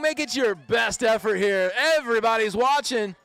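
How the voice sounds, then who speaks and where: A man calling a street bike race live outdoors, excited and playful, cheering the riders on. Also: sits high, moderate pace, vocal fry, clear, resonant tone, no echo. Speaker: race announcer.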